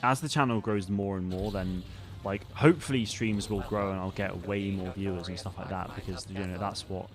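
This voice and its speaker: A man's voice: deep voice, steady tone, normal speed, few pauses, music in the background. A young man hosting a live stream, chatting casually with viewers in a rambling way, full of fillers and restarts. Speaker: streamer and channel host. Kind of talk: casual live-stream chat reading comments.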